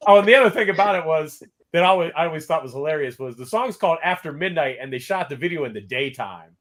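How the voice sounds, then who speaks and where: A man hosting a podcast, telling a story in a casual way and quoting people in lively voices. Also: a little high, fast talker. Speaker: podcast host.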